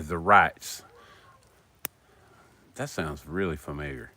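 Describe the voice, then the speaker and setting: A man's voice: low voice, big pitch swings, unhurried, bright, forceful tone. A middle-aged man from South Carolina with a Southern accent, rambling in a folksy way as he chats to viewers on a live stream outdoors by a fire at night. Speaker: livestream host. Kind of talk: casual live stream chat. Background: dogs.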